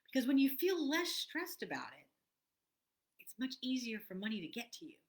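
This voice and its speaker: A middle-aged woman leading a guided tapping lesson, speaking softly with repeated affirmations and sometimes dropping to a whisper. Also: high-pitched, very animated, normal speed. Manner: soft, repetitive affirmations, drops to a whisper at times. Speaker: tapping coach.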